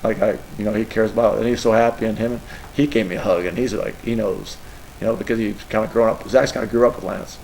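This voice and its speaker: A man's voice: on the low side, steady tone, fast, creaky, a little mellow, a little hiss or hum, poor audio. A middle-aged man, a college football coach, answering press questions in an emotional, rambling way. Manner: emotional, rambling, tearful at times.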